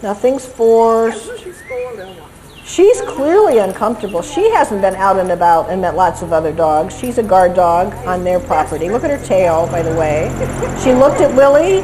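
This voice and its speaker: A woman lecturing on dog behavior over video clips, lively and acting out what the dogs seem to think. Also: mid-range voice, moderate pace, a crowd in the background, poor audio. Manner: lively, acts out dogs' thoughts in quotes.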